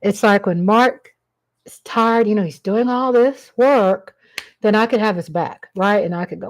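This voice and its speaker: Unhurried and medium-pitched, a woman hosts a casual livestream, chatting rambly and saying hi to viewers by name.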